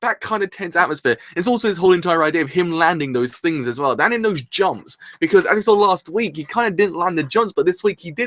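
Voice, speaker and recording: A rambling, excitable man reacts live from his room, his voice a touch higher than most and slightly sore in the throat. He swears casually as he talks. The sound is close and dry, with no room echo. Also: brisk. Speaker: anime reviewer.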